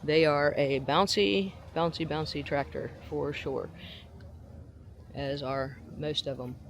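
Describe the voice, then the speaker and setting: A woman's voice: fairly even intonation, slow pace. Lady vlogging on a farm, handheld cam, chatty and gushy, bit of outdoor noise behind her. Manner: chatty, gushing over animals in a high sing-song voice. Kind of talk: casual outdoor vlog narration. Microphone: handheld camera mic.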